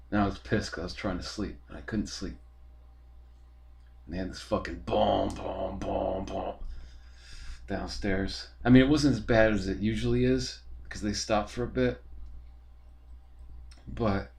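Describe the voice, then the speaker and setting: A man hosting a podcast from his apartment, ranting in a rambling, profane and exasperated way. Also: on the low side. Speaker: podcast host. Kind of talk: casual ranting monologue.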